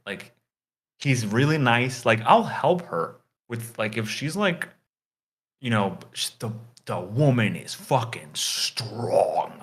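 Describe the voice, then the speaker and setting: A man's voice: mid-range voice, expressive, takes it slowly, fairly bright tone. A man chatting casually, rambling with lots of filler words and swearing freely. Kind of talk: casual chat.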